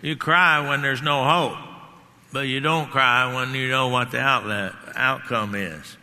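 A man's voice: mid-range voice, fairly even intonation, unhurried, pushed and bright. A man preaching a sermon with emphatic delivery, repeating key words and rising on lines of scripture. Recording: long hall reverb.

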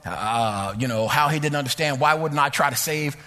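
A man preaching a sermon through personal stories, animated and repetitive, climbing to near-shouts. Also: a little high, normal speed, in a large hall.

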